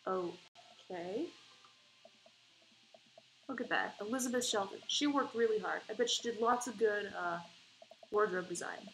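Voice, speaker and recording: A woman reading a dating game aloud and commenting, animated and swearing freely. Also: medium pitch, normal speed, pauses often, slight background noise, low-quality recording. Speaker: gamer playing a dating game.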